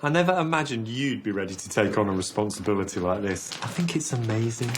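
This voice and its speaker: A man playing a prim, excitable salon partner. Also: lowish voice, fast talker, background noise, close to an everyday voice. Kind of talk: sitcom acting.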